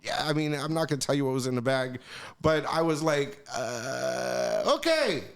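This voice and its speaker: A man's voice: fairly high pitch, steady tone, fairly quick. Man telling loose profane stories. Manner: loose and profane, many "you know what I mean" asides. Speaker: guest, music executive. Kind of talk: casual storytelling in a podcast interview.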